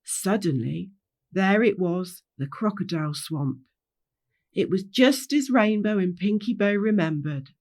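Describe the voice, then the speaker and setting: A woman's voice: medium pitch, lively intonation, unhurried, darkish tone. A woman reading a children's story aloud as storyteller.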